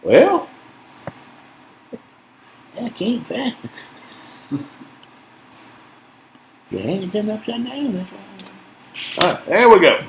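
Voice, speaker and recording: Chatty Southern man with a higher voice. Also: big pitch swings, slow pace, vocal fry, pauses often, a little hiss or hum. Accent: Southern US, Tennessee. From Tennessee. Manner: chatty, jokey, calls out each card. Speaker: host of a card break. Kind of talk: casual live card-break chat. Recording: echoey room.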